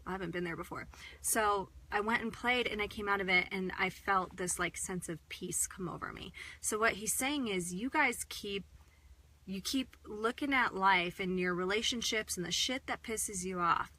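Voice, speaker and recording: Bright-voiced woman channeling casually. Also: mid-range voice, normal speed, rough recording. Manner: rambling, swears freely, relays a guide's words. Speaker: spiritual channeler.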